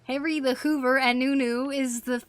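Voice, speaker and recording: A woman's voice: high-pitched, fairly even intonation, moderate pace, soft background music. A young woman chatting casually while she draws on a live stream, giggling often and reacting to her chat. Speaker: art streamer.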